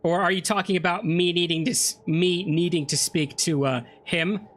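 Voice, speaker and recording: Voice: medium pitch, fairly even intonation, moderate pace. A let's play host giving casual gameplay commentary, chatty and joking while reading game text aloud.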